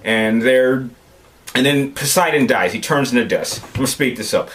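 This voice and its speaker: A man's voice: mid-range voice, lively intonation, normal speed, fairly bright tone. Rambling young man recapping a film. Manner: rambling, loose, full of fillers. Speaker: movie reviewer. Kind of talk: casual spoken movie recap.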